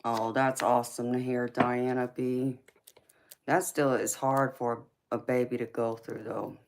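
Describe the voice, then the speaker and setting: Slow, low-voiced woman calling viewers honey. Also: flat delivery, gravelly, darkish tone, a little hiss or hum. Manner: affectionate, calls viewers honey, baby and sweetheart; laughs often, teasing. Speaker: tarot reader hosting a live stream. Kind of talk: casual live-stream chat with viewers.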